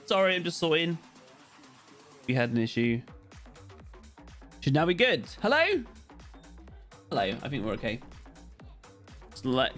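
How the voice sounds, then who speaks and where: A British man chatting casually with viewers while streaming a game, with excited outbursts at the action. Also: medium pitch. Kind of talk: casual live-stream chat while playing.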